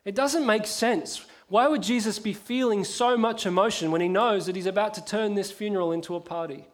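High-voiced impassioned male preacher. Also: fairly quick. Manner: impassioned, swings from hushed to emphatic. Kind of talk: sermon.

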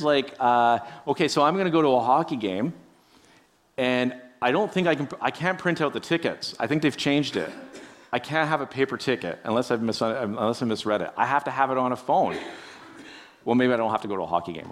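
A man preaching a conversational sermon, musing aloud, asking the listeners rhetorical questions and often tagging on "right?". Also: mid-range voice. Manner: addresses listeners directly. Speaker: pastor.

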